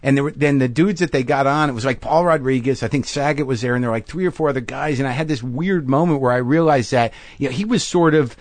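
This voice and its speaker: A man's voice: medium pitch, fast talker, few pauses, dry recording. Reflective man musing in casual talk. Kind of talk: casual conversation.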